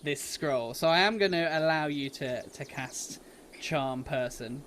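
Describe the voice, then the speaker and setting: A man's voice: on the high side, unhurried, a bit bright, a little hiss or hum. British man running a tabletop game. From Britain. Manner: thinks aloud, hesitant rulings. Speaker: dungeon master. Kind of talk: improvised tabletop game narration.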